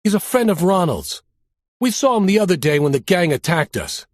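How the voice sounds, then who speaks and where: A man's voice: high voice, big pitch swings, normal speed, no echo, clean studio sound, pitched above the performer's own voice. A man voicing a jumpy young street punk with a blurting, defensive manner.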